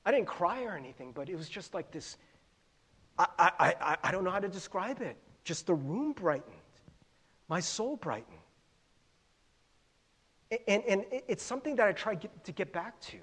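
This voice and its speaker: A man's voice: high-pitched, big pitch swings, normal speed, pauses often, fairly bright tone, breathy edge. A middle-aged man preaching a conversational sermon as a pastor, often stumbling over repeated words. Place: church sanctuary.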